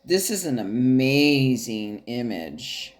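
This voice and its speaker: A woman's voice: rumbling low, very animated, takes it slowly. A woman giving a casual tarot reading straight to her viewers, chatty and loose, swearing now and then and laughing often. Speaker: tarot card reader.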